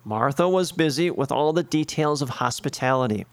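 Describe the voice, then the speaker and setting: A man's voice: mid-range voice, lively intonation, normal speed, no echo. Man preaching a sermon, dry sound. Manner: earnest preaching with lists and rhetorical questions. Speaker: priest.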